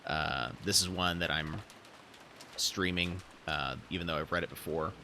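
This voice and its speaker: A man's voice: sits low, moderate pace, bright, forceful tone, slight background noise. A man streaming himself reading a visual novel aloud, chatting in a rambling way with lots of fillers. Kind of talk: casual live-stream reading and chat.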